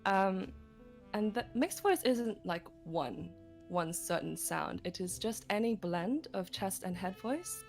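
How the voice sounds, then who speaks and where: A woman's voice: mid-range voice, expressive, slow pace, vocal fry, soft background music. A woman teaching singing technique on a livestream, explaining step by step with frequent light laughs. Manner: patient, giggly, explains step by step.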